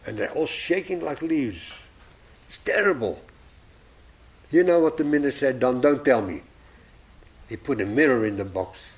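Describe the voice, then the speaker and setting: A man's voice: medium pitch, animated, moderate pace, pauses often. A man preaching a sermon, telling illustrations and acting out the voices in his stories, chuckling at his own jokes.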